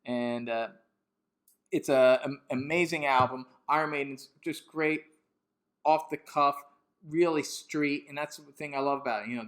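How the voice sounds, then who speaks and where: A man's voice: mid-range voice, a bit bright. A man talking on his music channel in a loose, rambling way, enthusiastic and full of "you know" and self-corrections. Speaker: music YouTuber. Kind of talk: casual unscripted monologue.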